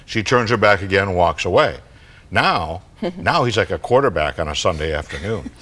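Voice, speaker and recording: A man's voice: fairly low pitch, moderate pace, breathy edge. An older man on a studio talk show, telling parenting stories and acting out kids and parents. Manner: animated storyteller, acts out kids and parents. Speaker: guest parenting author.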